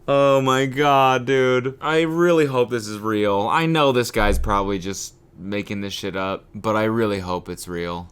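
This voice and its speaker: A man's voice: lowish voice, measured pace, hardly any pauses, fairly bright tone, smooth. A man co-hosting a comedy podcast, reading posts aloud and riffing in a laid-back, profane, joking way. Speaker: podcast co-host. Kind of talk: casual comedic reading and commentary.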